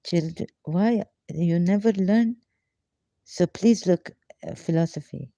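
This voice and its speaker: A man's voice: high voice, gravelly, dark tone, dry recording. A man reading a prayer aloud, then breaking off to comment on it, speaking English in non-native phrasing, repeating chanted phrases, laughing and mocking himself. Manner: slow, halting delivery with repeated chanted phrases. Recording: dull lo-fi dry recording.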